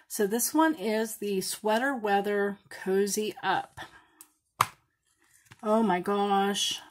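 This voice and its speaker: A woman with a soft, breathy voice unboxes beads at her craft table, speaking slowly and gushing over each find. Her delighted exclamations keep slipping into hushed whispers as she looks closer. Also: mid-range voice. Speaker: craft vlogger. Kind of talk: bead unboxing vlog.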